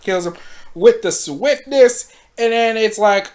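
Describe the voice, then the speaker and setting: A woman recapping anime episodes in casual commentary, with slangy and animated storytelling. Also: on the high side, slow. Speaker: anime reviewer.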